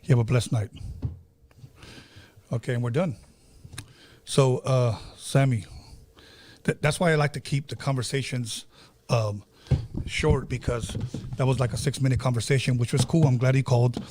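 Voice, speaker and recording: A man's voice: mid-range voice, fairly even intonation, normal speed, long pauses, a little mellow, a little hiss or hum. A man hosting a podcast who takes calls, polite and encouraging, thanking his caller often. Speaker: podcast host. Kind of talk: casual chat.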